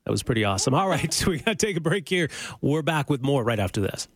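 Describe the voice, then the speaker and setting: A man hosting a live radio talk show from a studio mic, chatty and quick to laugh. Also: fairly high pitch, big pitch swings. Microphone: studio microphone.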